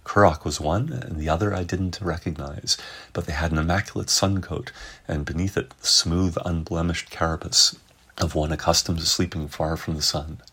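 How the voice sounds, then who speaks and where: A man narrating a science fiction story in measured, dramatic storytelling. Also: extremely low pitch, fairly bright tone, breathy edge. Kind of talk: scripted narration.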